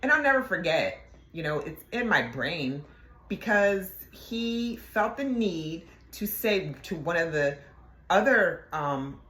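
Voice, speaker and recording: A middle-aged woman, a former police detective, telling a workplace story in a halting way, with many fillers and asides. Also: lowish voice, big pitch swings, fairly bright tone. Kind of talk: casual storytelling. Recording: echoey room.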